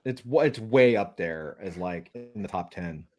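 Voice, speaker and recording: A man co-hosting a casual chat show, talking excitedly and rambling with many fillers. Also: deep voice, a little slow. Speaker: podcast co-host.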